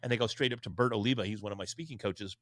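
A man in his forties, a podcast guest on a video call, telling candid stories in an earnest, energetic, self-deprecating way. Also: fairly low pitch, very fast, no echo. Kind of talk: candid conversational storytelling.

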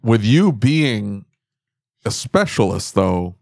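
A man's voice: fairly low pitch, big pitch swings, slow, gravelly, darkish tone, dry recording. A man co-hosting a casual business chat, plain-spoken and joking.

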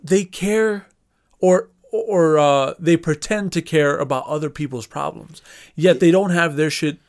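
A man co-hosting a casual podcast discussion, retelling a conversation in a relaxed way with frequent fillers. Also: on the high side, a little slow. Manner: relaxed storytelling with fillers, easy affirmations. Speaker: podcast co-host.

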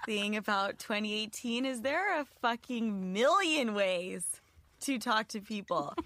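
A young woman with a Valley Girl accent co-hosts a podcast, giggly and candid. Her voice is high and bright, recorded dry and close. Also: no echo. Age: 20s. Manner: giggly, candid, quick affirmations. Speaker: podcast co-host. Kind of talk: casual chat.

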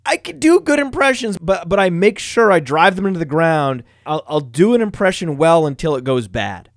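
A man hosting a fantasy football podcast, reading ads in a boastful, self-mocking, energetic way. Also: a little high, normal speed, no room sound, clean studio sound. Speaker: podcast host.

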